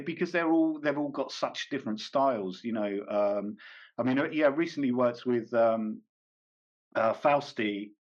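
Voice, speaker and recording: A man being interviewed as a comedian and actor, talking casually and hesitantly with many fillers, restarts and small laughs. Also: fairly low pitch. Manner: rambling, hesitant, frequent fillers and self-corrections, laughs often. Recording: dull lo-fi recording.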